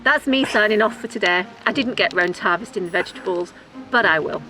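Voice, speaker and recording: Giggly woman with a lively voice. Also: medium pitch, fast talker, soft background music. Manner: giggly, chatty and enthusiastic. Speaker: gardening vlogger. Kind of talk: casual chat.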